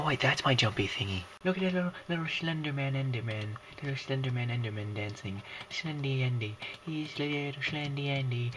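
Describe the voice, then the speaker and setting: A man commentating a video game at home, excitable and swearing, switching between shouts and a hushed whisper-yell. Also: mid-range voice, slight background noise, low-quality recording. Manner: swears and jokes to himself. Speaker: gaming commentator. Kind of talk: let's play commentary. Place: home while others sleep.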